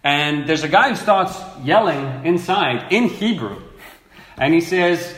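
Animated male preacher in an echoey room. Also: a little high, takes it slowly. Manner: animated, acts out quoted speakers, repeats words. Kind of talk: sermon with Bible reading.

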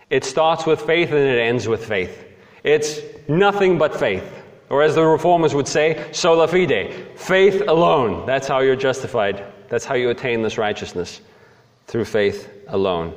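A man preaching a sermon, earnest, with rhetorical questions and rising emphasis on key phrases. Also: mid-range voice. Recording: long hall reverb.

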